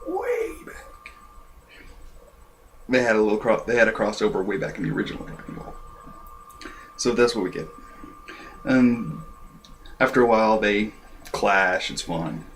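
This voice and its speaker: A man giving a casual, rambling review of an anime episode and clearing his throat often. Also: fairly low pitch, a little hiss or hum.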